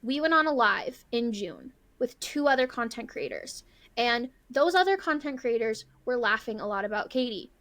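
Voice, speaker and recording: A woman's voice: a little high, lively intonation, normal speed, fairly bright tone. A woman in her thirties co-hosting a casual podcast, talking in a blunt, emphatic way. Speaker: podcast co-host.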